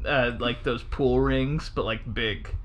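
A woman's voice: rumbling low, slow. A woman co-hosting a podcast in laid-back, rambling casual chat, full of likes and hedges. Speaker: podcast co-host.

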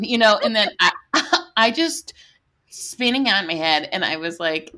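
A middle-aged woman co-hosting a podcast, telling a story in casual chat, animated, with many fillers and frequent laughter. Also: medium pitch, measured pace. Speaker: podcast co-host.

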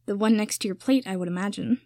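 A woman's voice: medium pitch, fast, a little mellow, no room sound, lightly acted. Woman voicing a dry, aloof young man.

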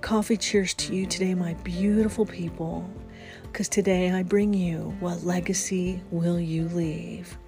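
A woman hosting a casual morning podcast, bubbly and quick to laugh. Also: fairly even intonation, warm tone, faint music behind. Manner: bubbly, laughs often, talks to her dog in a high baby voice. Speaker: podcast host.

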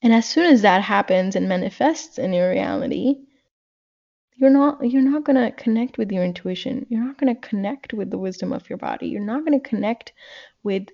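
A woman in her thirties speaks as a guest in a casual podcast talk, earnest and reflective, stretching words for emphasis. Her voice has a gravelly fry and sits at a middle pitch. The recording is dull and lo-fi. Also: moderate pace, dark tone. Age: 30s. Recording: dull lo-fi sound.

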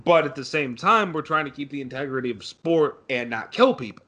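A man's voice: on the high side, animated, fairly quick, sharp tone. A young man co-hosting a casual sports podcast, sarcastic and ranting, swearing freely. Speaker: podcast co-host.

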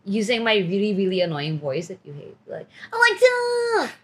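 A woman co-hosting a podcast in casual chat with her best friend, animated and teasing, often laughing. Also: on the low side, a little fast. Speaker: podcast co-host.

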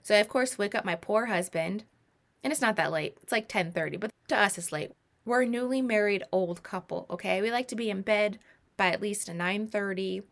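A woman in her twenties telling a personal story in a casual, animated, self-mocking way, with many rambling asides. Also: mid-range voice, brisk. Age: 20s.

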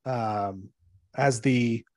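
A male attorney explains court cases as a podcast guest, in an ordinary middle-pitched voice. He talks in a measured, halting way, filling pauses with ums and uhs. The sound is dry and close. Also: darkish tone, dry recording.

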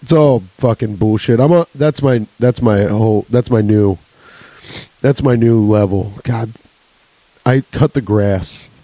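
A man's voice: fairly low pitch, unhurried, warm tone, no room sound, low-quality recording. A young adult man hosting a solo comedy podcast, rambling and swearing with laughs between jokes. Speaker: podcast host.

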